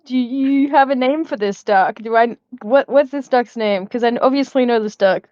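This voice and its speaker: A woman's voice: a little high, moderate pace, a little mellow, dry recording. Player, woman, chatty and playful, dry close sound, slightly dull audio. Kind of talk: casual chat at a tabletop game.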